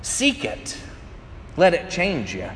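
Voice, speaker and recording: A man's voice: on the high side, wildly swooping pitch, slow, a bit bright, a little hiss or hum. A pastor giving a conversational sermon, a man who tells stories and laughs often as he preaches. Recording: echoey hall with faint ambience.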